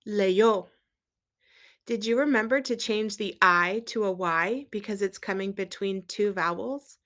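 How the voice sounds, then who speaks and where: A woman teaching a Spanish lesson, quizzing viewers and gently checking their accent marks as she switches between English and Spanish. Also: mid-range voice, normal speed. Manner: asks quiz questions and gently checks accents. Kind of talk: recorded language lesson.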